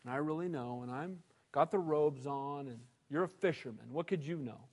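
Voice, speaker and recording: A preacher doing a smug proud scholar. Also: male voice, on the high side, normal speed, slightly rough, pitched below the performer's own voice. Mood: condescending. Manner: smug, condescending, hushed. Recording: reverberant hall.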